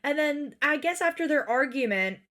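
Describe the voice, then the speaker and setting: A woman with a slightly high voice chats casually as a podcast co-host, recapping a show. She rants in exasperation, swears freely and slips into quick impressions of the people she talks about. It is an unscripted, loose conversation. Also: lively intonation, a bit bright. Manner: exasperated, swears often, mimics people in quotes.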